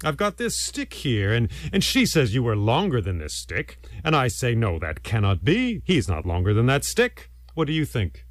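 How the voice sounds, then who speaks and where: A man's voice: medium pitch, huge pitch swings, moderate pace, few pauses, no room sound. A man doing a sly, coaxing trickster. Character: clever, wheedling trickster spider-man.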